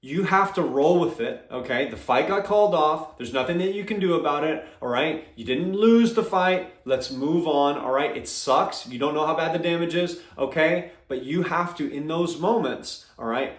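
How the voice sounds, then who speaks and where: A man's voice: a little high, normal speed, few pauses, reverberant. A man giving casual MMA opinion commentary, emphatic and keeps checking in with "all right?" and "okay?".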